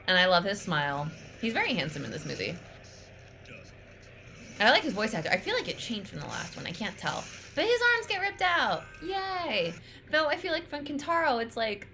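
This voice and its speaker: A woman's voice: fairly high pitch, big pitch swings, normal speed, pushed and bright, slight background noise. A woman giving casual, chatty film commentary, with lots of "like" and some swearing. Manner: chatty, frequent "like", swears freely. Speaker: YouTuber reviewing an animated film.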